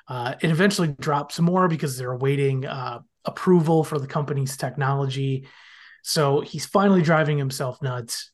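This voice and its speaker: A man on a podcast, retelling the plot in a casual, animated way and often slipping into characters' lines. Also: on the high side. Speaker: podcast guest. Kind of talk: casual podcast episode recap.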